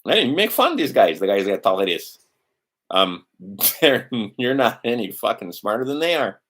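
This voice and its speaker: A man's voice: mid-range voice, very animated, normal speed, a bit bright. A man hosting a livestream, rambling casually and bluntly, sometimes swearing and talking to himself as he scrolls through documents. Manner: meandering, talks to himself while scrolling documents. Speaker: livestream host.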